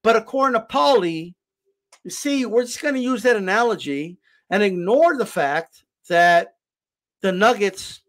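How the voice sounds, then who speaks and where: A man's voice: sits high, expressive, a little slow, fairly bright tone. A man hosting a reaction commentary who argues his point hard and keeps asking "right?". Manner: argumentative, keeps repeating "right?". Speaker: channel host reacting to a clip.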